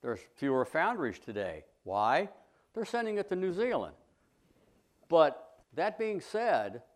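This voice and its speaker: A middle-aged man, a sculptor, giving a folksy, plainspoken talk to a history club, full of anecdotes and blunt opinions. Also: fairly high pitch.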